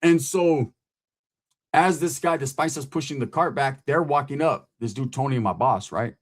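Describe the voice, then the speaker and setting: A middle-aged man tells a rough, profanity-laden story from his past in a loose, animated way. He keeps checking in with his listener by asking "right?". His voice sits at an ordinary middle pitch. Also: moderate pace. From California. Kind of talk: casual storytelling.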